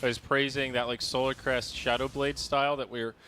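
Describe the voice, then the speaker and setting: A man calling a live esports match as play-by-play commentator, animated and joking, rising in pitch at big plays. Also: fairly quick, soft background music. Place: broadcast studio. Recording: steady background noise.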